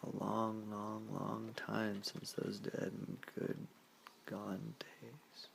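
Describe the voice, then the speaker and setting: In a whispered role-play reading, a man plays a brash eighteen-year-old ex-thug. He uses quaint, theatrical phrasing. The whisper runs low and rough with heavy fry. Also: monotone, very slow, a little hiss or hum, full character voice.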